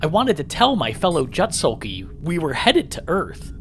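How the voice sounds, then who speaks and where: A man narrating a first-person story aloud with lively, dramatic delivery. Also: on the high side, moderate pace. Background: background music.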